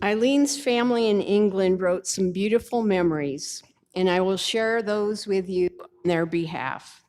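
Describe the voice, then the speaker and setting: Woman slowly reading tributes in a hall. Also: medium pitch, a little mellow. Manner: slow, measured reading. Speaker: memorial service speaker. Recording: long reverb of a hall.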